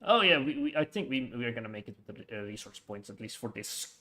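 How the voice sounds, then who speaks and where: A man streaming a city-building game in casual chat, rambling with lots of fillers and quick laughs. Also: mid-range voice, very animated, bright, forceful tone. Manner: rambling, hesitant, full of fillers and frequent laughs. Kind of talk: casual live-stream chat while playing.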